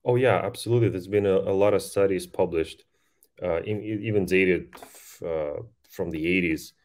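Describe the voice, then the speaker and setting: A man speaking as a guest on a podcast interview, talking quickly and eagerly with frequent restarts. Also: sits low, darkish tone. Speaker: podcast guest, voice-tech company founder.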